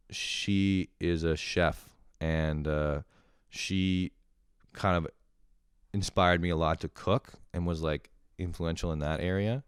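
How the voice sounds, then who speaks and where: A man hosting a comedy show, telling rambling stories in a profane, animated, casual way. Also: deep voice, smooth, no echo, clean studio sound. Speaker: comedian host.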